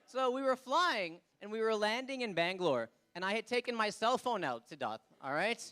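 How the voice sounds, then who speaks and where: A man with an Indian accent performing a stand-up comedy set on stage, animated and quick to act out characters. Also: high-pitched, smooth. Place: comedy stage before a live audience.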